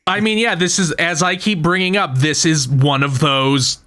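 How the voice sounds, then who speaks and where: A man's voice: on the high side, steady tone, moderate pace, sharp tone. A man co-hosting a casual movie podcast, dry and making jokey comparisons. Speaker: podcast co-host.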